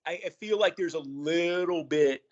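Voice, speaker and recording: A man co-hosts a wrestling talk show in a loose, casual way, often restarting his phrases and filling gaps with um. His voice sits a little higher than most men's. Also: normal speed, a little mellow, lo-fi sound. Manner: hesitant, restarts phrases, many ums. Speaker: podcast co-host.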